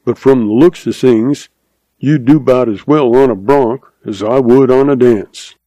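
A man's voice: medium pitch, unhurried, dark tone, dry recording, poor audio. A man reading an old-west story aloud in a drawling cowboy dialect, plain and dry in manner. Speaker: narrator.

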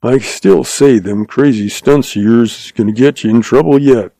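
A gruff young cowboy grumbles low and quiet, as a man puts him on. The gravelly voice is close and dry. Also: normal speed, dry recording, close to an everyday voice. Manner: gruff, muttered. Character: gruff young male outlaw partner, grudging.

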